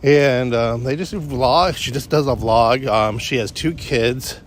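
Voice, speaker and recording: A man with a mid-range voice talks unhurriedly on a morning walk, vlogging as he meanders from thought to thought. He interrupts himself and restarts sentences often. There's slight background noise.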